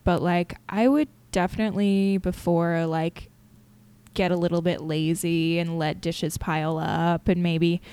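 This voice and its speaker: A young woman hosting a personal solo podcast, talking candidly and haltingly with many fillers and restarts. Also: mid-range voice, darkish tone, smooth. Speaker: podcast host.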